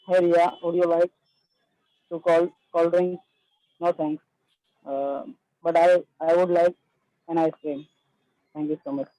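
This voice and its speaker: A male student reciting a short prepared dialogue in class, with hesitant pauses. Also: on the high side, little pitch movement, mellow, no room sound. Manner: hesitant, halting. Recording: dull dry call audio.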